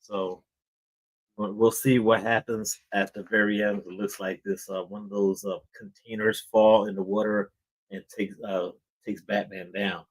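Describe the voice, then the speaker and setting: A man's voice: lowish voice, little pitch movement, measured pace, low-quality recording. A man hosting a comic book show, chatting casually about a book, rambling, repeating words and often saying "man".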